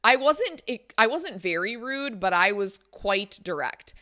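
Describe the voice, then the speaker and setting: Young female vlogger, bright tone, animated and exasperated storyteller, laptop mic. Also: medium pitch, measured pace. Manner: animated, exasperated retelling with many likes. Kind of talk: storytime vlog. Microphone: laptop built-in mic.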